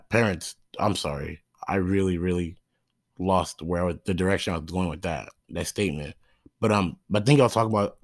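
A young man with a deep, low voice tells a loose, meandering story about coaching kids' soccer, circling back with "you know what I mean" and restarts. The sound is close and dry, with no room echo. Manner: rambling, loses his thread, lots of fillers like "you know what I mean". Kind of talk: casual storytelling monologue.

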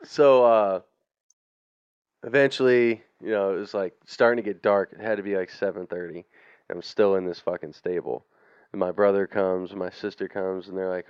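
Man, podcast co-host, low voice, smooth, rambling profane storytelling, dull dry audio. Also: steady tone, normal speed, dry recording. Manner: profane, rambling, laughs through his story. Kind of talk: casual storytelling chat.

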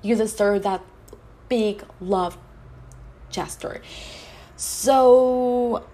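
Woman host, mid-range voice, personal heartfelt monologue, halting delivery. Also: medium pitch, dark tone. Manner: earnest, heartfelt, halting with restarts. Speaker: podcast host.

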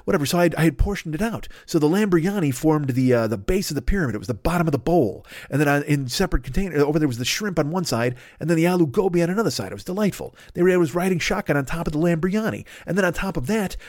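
Male podcast host, comic solo rant, swears a lot, wanders off on tangents, medium pitch, dry close sound. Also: darkish tone, dry recording. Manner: profane, rambling, tangent-driven rant. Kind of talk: comedic solo monologue.

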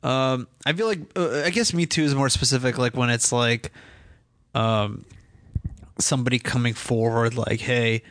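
A man's voice: medium pitch, moderate pace, a bit bright, no room sound. A man co-hosting a comedy podcast, telling stories in a rambling way full of fillers and laughing often. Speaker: podcast co-host. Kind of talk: casual comedic banter.

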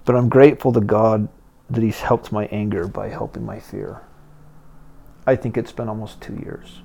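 A middle-aged man hosting a podcast, telling candid personal stories in a rambling way that gets animated as he goes. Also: on the low side, gravelly. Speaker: podcast host. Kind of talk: personal storytelling monologue.

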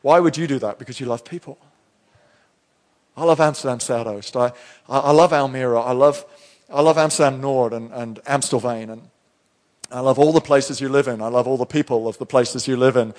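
A man's voice: mid-range voice, fairly even intonation, brisk, a little mellow. A middle-aged male pastor preaching a sermon in church, talking in a conversational, storytelling way with frequent restarts.

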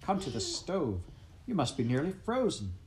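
A practical pioneer mother from a storybook, as a male narrator does her. She explains things briskly in a slightly raised voice, with an edge of concern. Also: a little high, huge pitch swings, darkish tone, slight background noise, pitched above the performer's own voice.

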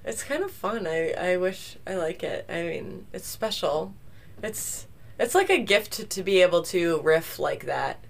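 Unhurried woman, amused storyteller, podcast co-host. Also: lowish voice, lively intonation, creaky. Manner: amused storyteller, laughing often. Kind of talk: casual chat.

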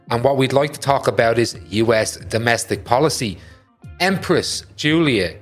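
A man's voice: mid-range voice, fairly bright tone. A man hosting a casual podcast chat, joking and swearing often. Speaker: podcast host.

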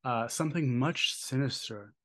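A man's voice: mid-range voice, moderate pace, fairly bright tone. A man hosting a horror podcast, talking in a playful, jokey, rambling way. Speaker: podcast host. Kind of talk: casual chat.

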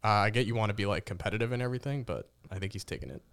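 A man's voice: on the low side, racing, a bit bright, clear, resonant tone. A man co-hosting a casual sports podcast, rambling through game recaps. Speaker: podcast co-host.

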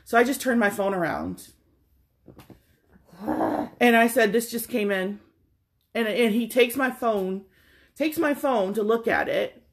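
A woman's voice: on the high side, unhurried, long pauses. A middle-aged woman in a casual chat, animatedly retelling a frustrating errand and mimicking the other people's lines with exasperation.

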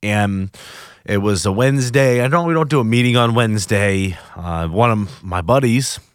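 A man hosting a personal recovery podcast, speaking in an earnest, halting, confessional way, emotional and near tears. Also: lowish voice, clean tone, no echo, clean studio sound. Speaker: podcast host.

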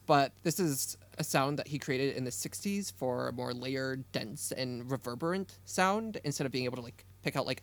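A man's voice: on the high side, lively intonation, a little fast. A man co-hosting a podcast, casually and keenly picking apart song arrangements and melodies, with lots of "like" and "um" fillers. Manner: enthusiastic, analytical, many fillers. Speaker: podcast co-host. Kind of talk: casual music analysis chat.

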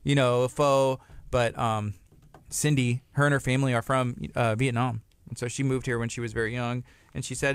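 A man's voice: medium pitch, flat delivery, normal speed, clean tone, no room sound. Man, talk show host, chatty, dry close mic. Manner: friendly, chatty, laughing often. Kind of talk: casual chat.

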